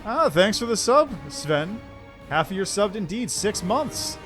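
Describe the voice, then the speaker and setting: A man's voice: high-pitched, very animated, unhurried, a bit bright, soft background music. Streamer guy chatting while he plays, voice goes all up and down. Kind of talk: casual game commentary and reading.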